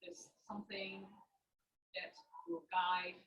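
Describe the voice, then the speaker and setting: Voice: medium pitch, flat delivery, slow. A participant in a discussion session, answering a question hesitantly and searching for words. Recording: echoey, dull room sound.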